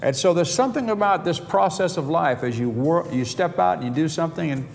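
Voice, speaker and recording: A man's voice: on the high side, expressive, brisk, creaky. A middle-aged man preaching a sermon, telling stories with chuckles and quoting conversations in his own voice. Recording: reverberant hall, faint background noise.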